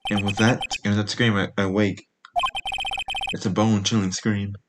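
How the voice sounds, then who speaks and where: A man's voice: fairly low pitch, level tone, noisy background, lightly acted. Man doing Edgeworth, haunted confessing prosecutor. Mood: troubled. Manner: halting, troubled storytelling. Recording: loud game music behind.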